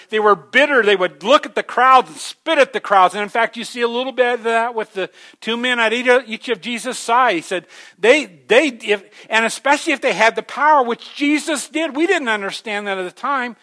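Bright high-voiced preacher man. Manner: conversational preaching, many restarts, rises to emphatic peaks then drops low. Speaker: pastor. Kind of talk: sermon.

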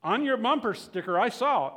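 A man's voice: very high-pitched, expressive, moderate pace, a bit bright, big-room sound, voice pushed up, heavily acted. A man voicing a male police officer who explains an arrest in a formal, matter-of-fact way.

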